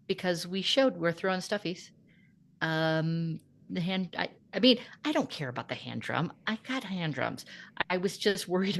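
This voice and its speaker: A middle-aged woman hosting a chat show, telling an animated story about her teaching day and acting out the people in it. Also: low voice. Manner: animated storytelling, acts out voices. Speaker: podcast host. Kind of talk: casual chat.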